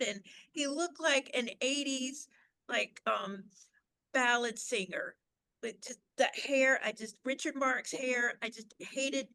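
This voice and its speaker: A woman from the American South giving blunt, animated opinions in a casual fan chat, dropping into whispered asides. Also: sits high, dry recording, rough recording. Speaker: panelist.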